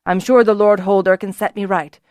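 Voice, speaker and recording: A woman narrator voicing a calm, authoritative male dragonrider leader in a fantasy audiobook, firm and steady. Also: mid-range voice, brisk, no echo, clean studio sound, lightly acted.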